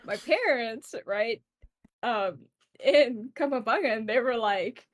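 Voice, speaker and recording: Giggly high-voiced young woman. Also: expressive, takes it slowly. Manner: laughs often while telling stories. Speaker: podcast co-host. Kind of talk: casual chat.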